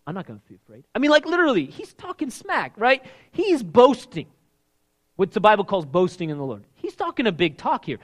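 A middle-aged man preaching a sermon in an animated, emphatic way, his energy rising as he goes. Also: very high voice, brisk. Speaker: pastor.

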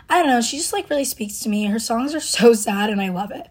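Brief: young woman podcaster, husky, higher pitch, rambling fan chat. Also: animated, fast talker, few pauses. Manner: gushing, rambling, lots of likes and ums. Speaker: podcast host.

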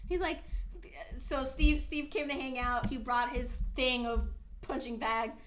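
Young woman, high voice, casual podcast chat, crude and rambling, animated. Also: a little slow, a little hiss or hum. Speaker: podcast co-host. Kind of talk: casual chat reading fanfiction.

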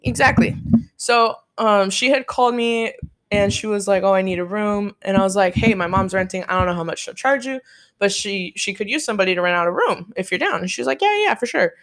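A woman's voice: mid-range voice, fairly quick. A young woman telling a story in casual chat, swearing freely and acting out what people said. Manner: profane, animated, quotes people in their voices.

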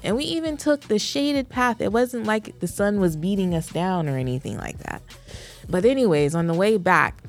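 A woman in her thirties co-hosting a podcast, telling stories with animated laughter in casual chat. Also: fairly low pitch. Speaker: podcast co-host.

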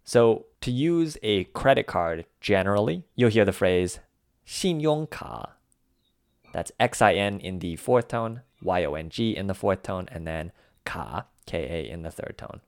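A man co-hosting a language lesson podcast, explaining words casually with relaxed, musing asides. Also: low-pitched, moderate pace, clean tone, dry recording, clean studio sound. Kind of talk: casual teaching banter.

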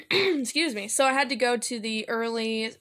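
Playful young woman co-host, higher voice. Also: a bit bright. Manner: playful, giggly, quick asides. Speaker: podcast co-host. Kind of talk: casual faith podcast chat.

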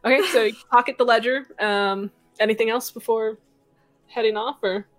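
A woman's voice: on the high side, fairly even intonation, moderate pace, soft background music. Chatty woman game master. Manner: chatty, laughs often, many fillers. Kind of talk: narrating a tabletop game, casual.

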